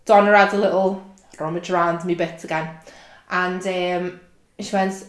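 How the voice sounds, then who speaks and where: Lively Scouse woman telling a story. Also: normal speed. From England. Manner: animated, swings from low mutter to loud outbursts. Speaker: vlogger. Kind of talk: comic storytelling. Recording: echoey room.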